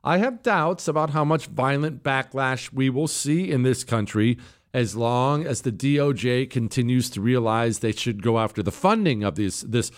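A man's voice: mid-range voice, normal speed. A man hosting a talk show, giving an emphatic, opinionated monologue in answer to listener questions, with frequent restarts.

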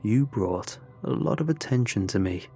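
A low, near-growling monster in a sharp suit, as a man puts him on for a horror story. Each word comes slow, cold and commanding, with a faint bed of music underneath. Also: animated. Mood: menacing. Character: menacing male monster in a businessman's guise.

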